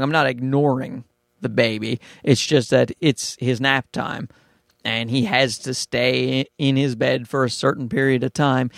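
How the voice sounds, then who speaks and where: A man's voice: fairly high pitch, creaky, dry recording, studio quality. A young man hosting a podcast alone, rambling and swearing in a self-mocking, casual monologue. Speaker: podcast host. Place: small closet at home. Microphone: podcast microphone.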